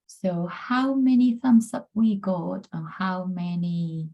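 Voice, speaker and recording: Woman, pronunciation coach on a video call, slow and encouraging delivery. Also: on the low side, steady tone, warm tone, muffled recording. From Peru. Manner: upbeat, encouraging, often says amazing and brilliant. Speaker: pronunciation coach presenting a workshop. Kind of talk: online presentation.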